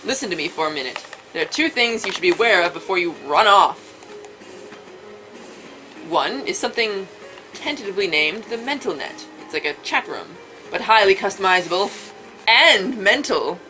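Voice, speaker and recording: Bright lady reading game text w friends, playful bossy tone, faint music behind. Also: mid-range voice, lively intonation, moderate pace, pauses often, poor audio. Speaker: let's play host.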